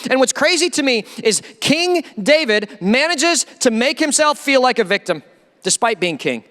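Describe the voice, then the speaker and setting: A man's voice: extremely high pitch, very animated, normal speed, bright, forceful tone. A male pastor giving a sermon, talking emphatically and conversationally with many rhetorical questions. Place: church sanctuary. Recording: long reverb of a church hall.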